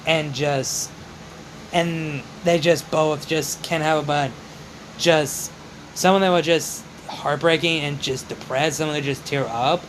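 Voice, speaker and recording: A man's voice: a little high, steady tone, slow, slight background noise, poor audio. A young man casually narrating his own fan-made story, rambling and correcting himself often. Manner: rambling, repeats "just", self-corrects.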